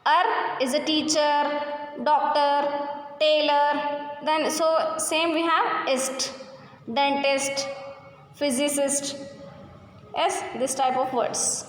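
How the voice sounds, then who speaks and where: High-voiced woman teacher in an echoey hall. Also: level tone. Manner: repeats words slowly syllable by syllable to drill stress. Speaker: English teacher. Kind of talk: classroom lesson explaining pronunciation and vocabulary. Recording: echoey room with long reverb, faint hum.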